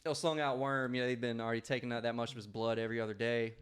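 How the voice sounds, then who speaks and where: A man's voice: medium pitch, level tone, racing, a bit bright, clear, resonant tone. A man co-hosting a podcast, telling a rambling, laugh-filled story in casual chat with plenty of swearing. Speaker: podcast co-host.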